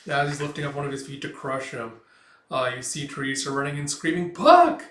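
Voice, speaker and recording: A man's voice: mid-range voice, completely flat delivery, fast, bright, forceful tone, slight background noise. A man casually retelling a comic aloud, rambling with lots of fillers. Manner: rambling, filler-heavy paraphrasing. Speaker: manga reader and reviewer. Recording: roomy, distant mic.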